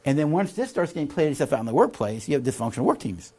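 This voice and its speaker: Racing through a recorded leadership class, a man with a husky, slightly high voice explains ideas and reads excerpts from the text. He's animated, repeatedly checking in with his audience through "all right?" and "see?".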